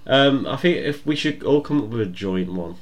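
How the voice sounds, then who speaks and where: A young man co-hosts a casual podcast over a video call, his banter blunt and full of swearing. He speaks at a medium pitch, animated, at a moderate pace.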